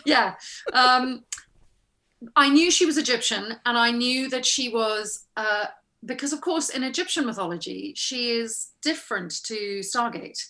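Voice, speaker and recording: A chatty actress being interviewed, with a bright, crisp voice pitched a little high. She tells her stories casually, acts out the lines people said to her, and laughs often. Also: lively intonation, a little slow. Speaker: guest actress.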